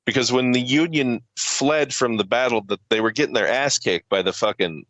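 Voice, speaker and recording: A man's voice: medium pitch, normal speed, fairly bright tone, no room sound, highs cut off. A man co-hosting a podcast, reading notes aloud with profane, offhand asides. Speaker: podcast co-host. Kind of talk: casual reading of notes with banter.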